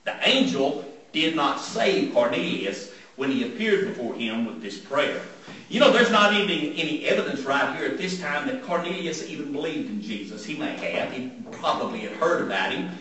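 A man preaching a sermon, retelling scripture as a story and driving points home through repetition. His pitch rises and falls in lively swings, and his slightly higher voice carries a heavy echo from a distant mic in a large room. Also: moderate pace. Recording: very echoey room, mic far off.

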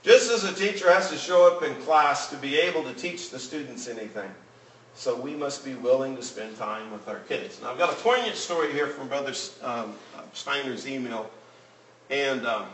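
A man's voice: mid-range voice, moderate pace, fairly bright tone, a little hiss or hum. A man teaching a Bible class in an earnest tone, reading scripture aloud to the group. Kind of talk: Bible lesson. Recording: roomy room, mic at a distance.

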